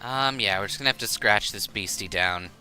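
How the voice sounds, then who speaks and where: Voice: sits low, brisk, sharp tone, soft background music. A playful game streamer chatting casually while playing, joking around. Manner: playful, joking, puts on voices.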